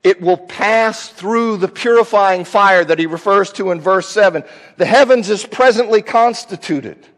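A man with a notably high voice preaches a sermon, explaining scripture in a conversational way and repeating key phrases for emphasis. His voice rings out with a long hall reverb, like a church sanctuary. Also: a bit bright. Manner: conversational Bible teaching with emphatic repetition.

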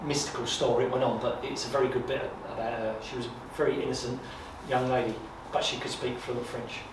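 A man giving an informal talk at an exhibition, telling stories in a chatty, animated way with repetitions and asides. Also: medium pitch, a little fast. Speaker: guest speaker on wartime history. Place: exhibition room. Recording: echoey room from far off, noisy.

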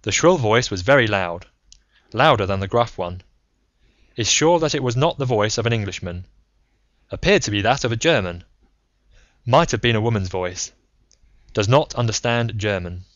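Male audiobook narrator, measured reading, dry close sound, slightly dull lo-fi audio. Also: lowish voice, lively intonation, a bit bright, dry recording. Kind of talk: scripted narration. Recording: slightly muffled lo-fi recording.

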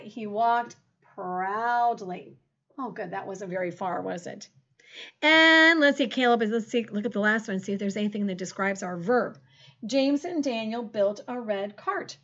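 Lively woman teaching young children. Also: a little high. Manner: encouraging, sing-song, sounds out words slowly. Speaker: second grade teacher. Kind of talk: phonics lesson for young children. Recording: dull lo-fi classroom recording.

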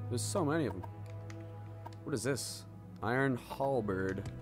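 A man's voice: mid-range voice, lively intonation, a little slow, long pauses, over music. A man hosting a let's play, giving reactive gameplay commentary and exclaiming at what happens in the game.

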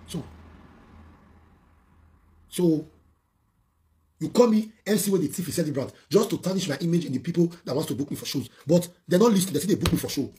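A man's voice: a little high, animated, fairly quick, mellow. A man with a Nigerian accent, a social media personality, ranting scornfully on a live video with rhetorical questions. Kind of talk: heated live-video rant.

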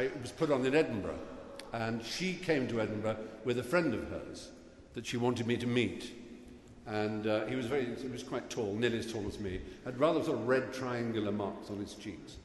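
A lowish-voiced man from England, middle-aged, is the guest speaker at a graduation, telling wry stories at his own expense. He pauses here and there with fillers. The recording carries a long hall echo and a little room noise.

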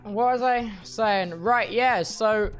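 A man's voice: sits high, expressive, normal speed, fairly bright tone. A groggy young man chats loosely on a live stream, his words a little thick after surgery. He rambles in casual slang, restarting sentences often, with faint music playing underneath. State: groggy after surgery, speech slightly impaired. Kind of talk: casual chat reading viewer messages.

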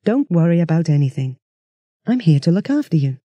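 A reader voicing android copies of a mother, soft, homely and brisk in a storybook audiobook. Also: mid-range voice, big pitch swings, dry recording. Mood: eerily cosy.

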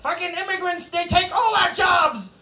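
A comedian acting out a loud man who complains about immigrants, shouting and drawing out the words in mockery. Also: very high voice, moderate pace, pitched above the performer's own voice, heavily acted. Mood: scornful. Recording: echoey club, far mic, loud crowd.

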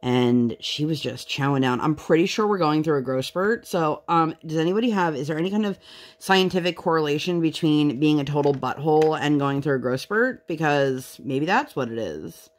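A woman in her thirties chats casually at home while working on a craft project, sharing candid stories and sometimes putting on voices to quote people. This craft vlogger has a low-pitched voice and speaks at a moderate pace.

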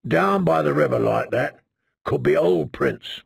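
A man voicing a bitter, cruel bully who sneers slowly and menacingly. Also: a little high, animated, gravelly, slightly rough, no room sound, heavily acted. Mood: grudging.

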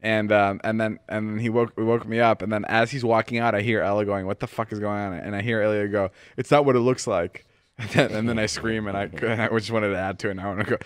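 A man telling rambling anecdotes in casual podcast chat, with quick restarts. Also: fairly low pitch, level tone, clear, resonant tone, no room sound, clean studio sound.

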